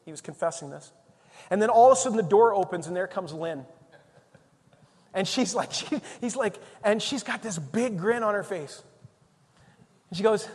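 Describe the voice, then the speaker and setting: A man preaching a sermon as the pastor, telling a story in an animated way that swings between loud and soft. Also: sits high, moderate pace, pauses often, slightly rough, in a large hall.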